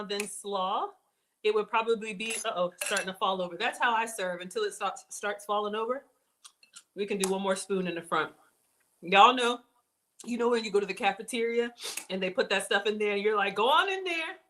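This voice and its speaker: A woman hosting a casual cooking demonstration, chatty and excitable, talking straight to her viewers as she builds a snack. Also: mid-range voice, normal speed, a little hiss or hum. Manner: bubbly, excitable, chatty, addresses viewers as y'all. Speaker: cooking show host.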